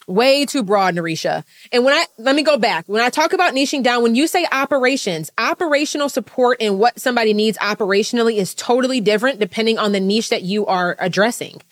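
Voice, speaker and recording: A woman business coach giving a live talk to an audience, fast and emphatic, blunt, with casual swearing. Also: on the high side.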